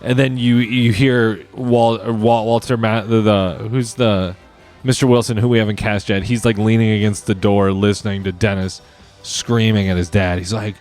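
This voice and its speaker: A man's voice: lowish voice, steady tone, moderate pace, darkish tone, faint music behind. Rambling, profane man on a podcast. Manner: rambling, profane, improvising a plot aloud. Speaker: podcast host. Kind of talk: casual comedic riffing.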